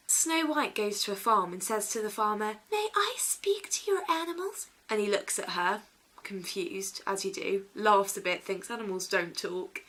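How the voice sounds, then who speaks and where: A woman vlogging casually, playful and silly, swinging between dry asides and excited bursts. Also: mid-range voice. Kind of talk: casual vlog chat.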